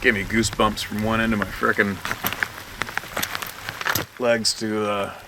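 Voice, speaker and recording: A man's voice: on the low side, level tone, unhurried. A man reading a viewer's encounter story aloud outdoors by a river, stumbling and restarting mid-sentence. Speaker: host reading a viewer's email. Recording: outdoor clip with loud rain noise.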